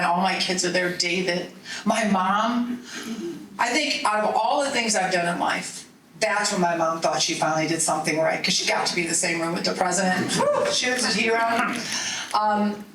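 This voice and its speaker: A middle-aged woman, a political speaker telling animated, folksy stories to a party meeting. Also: mid-range voice, far from the mic, noisy background. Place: meeting hall. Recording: roomy hall audio from off-mic.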